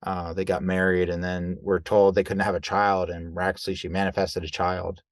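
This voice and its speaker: Low-voiced man telling animated stories. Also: brisk, no room sound. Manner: animated, acts out quoted dialogue; loose, conversational with fillers like right and like. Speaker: guest coach. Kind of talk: casual storytelling in an interview.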